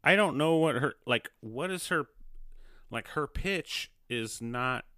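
A man's voice: mid-range voice, lively intonation, slow, sharp tone, dry recording, studio quality. A man co-hosting a podcast, blunt and laughing often, swearing freely. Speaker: podcast co-host. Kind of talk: casual chat.

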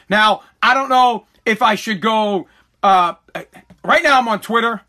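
A man's voice: sits high, unhurried, bright, forceful tone. A man hosting his own podcast, ranting angrily with stammering restarts and repeated complaints. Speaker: podcast host. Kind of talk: angry live-streamed podcast rant.

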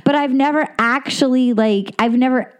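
A woman actress as a guest in a casual chat, animated, laughing often and swearing freely. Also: sits high, normal speed, clear, resonant tone.

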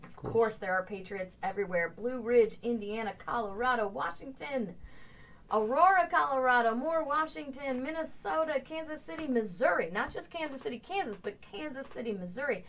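A woman hosting a casual talk show, upbeat and quick to laugh as she reads out viewers' hometowns. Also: high voice, a bit bright. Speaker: show host. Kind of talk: casual morning show chat. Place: home studio set.

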